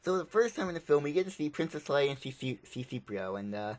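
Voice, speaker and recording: A man's voice: fairly high pitch, big pitch swings, fast. A man giving a casual, rambling spoken review of a film, often repeating himself.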